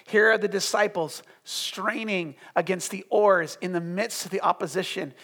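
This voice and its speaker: A man preaching a sermon with passion, dropping to a hush and then rising loud. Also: sits high, fairly even intonation, moderate pace. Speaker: pastor.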